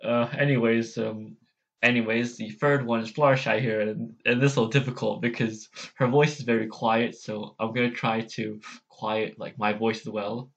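A man's voice: mid-range voice, little pitch movement, moderate pace, fairly bright tone, dull audio. A man chatting casually on a vlog, hesitant and self-deprecating, with many restarts. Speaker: vlogger.

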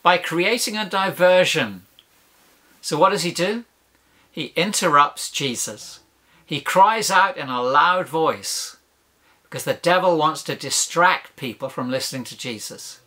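A man's voice: fairly high pitch, animated, unhurried, bright, forceful tone. A man preaching a sermon, emphatic, building points with rhetorical questions and lists.

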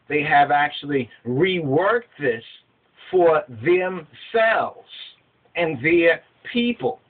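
A man's voice: fairly high pitch, husky. A man giving a spiritual teaching, emphatic and repetitive, asking his listeners rhetorical questions. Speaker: religious teacher. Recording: phone-like narrow sound.

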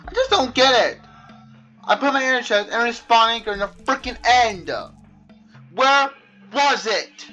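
A man's voice: very high-pitched, a little fast, pushed and bright, highs cut off, soft background music. A young man commenting on his own gameplay, exasperated and complaining over and over about lost items. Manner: exasperated, repeatedly complaining and ranting. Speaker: gaming channel host.

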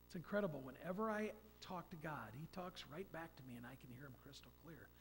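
A man's voice: on the high side, animated, fast, slight background noise. A man in his fifties giving a folksy, rambling personal testimony in church. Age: 50s. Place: church sanctuary. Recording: long church hall reverb.

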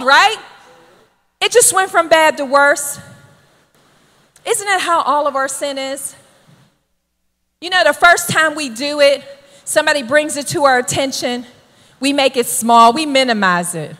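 A woman preaching a sermon, emphatic and animated, often checking in with "right?". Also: high-pitched, measured pace, big-room sound. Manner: emphatic, keeps asking "right?".

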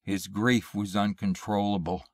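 A man slowly reading a horror short story aloud in a measured, hushed way. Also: on the low side, flat delivery, no room sound. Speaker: narrator. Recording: dry close mic, audio only.

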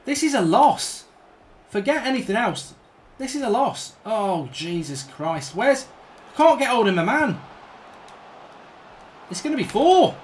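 Male game streamer, swinging pitch, rants and curses at his play. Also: a little hiss or hum. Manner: ranting, swearing, exasperated outbursts. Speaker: gaming streamer. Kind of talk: live gameplay commentary.

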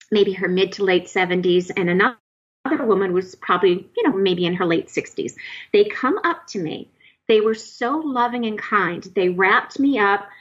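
Woman, husky breathy voice, halting personal storytelling, dull lo-fi sound. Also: medium pitch. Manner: halting, many fillers and restarts, animated retelling. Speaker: guest telling her experience.

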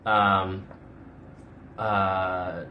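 Chatty man with a low voice. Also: little pitch movement, extremely slow, highs cut off, a little hiss or hum. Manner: chatty, rambling, frequent "like" and restarts. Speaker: actor hosting a live Q&A. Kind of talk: casual live-stream chat.

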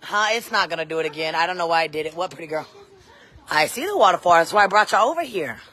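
A woman's voice: on the low side, lively intonation, quick pace, bright, forceful tone. A middle-aged woman, chatting casually to live-stream viewers and her kids outdoors on a phone. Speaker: vlogger and mom. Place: outdoors at a scenic waterfall spot.

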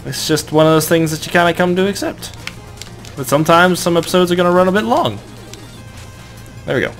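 A young man giving casual gameplay commentary, rambling and joking, with sudden excited outbursts when things go wrong. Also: a little high, a little fast, soft background music. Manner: excitable, rambling, shouts in bursts of frustration. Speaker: let's play gamer.

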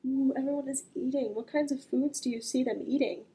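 A woman librarian reads a picture book aloud to children, gently posing questions to the listener and stretching out the sound words. Her voice is high and brisk, and the audio quality is poor.

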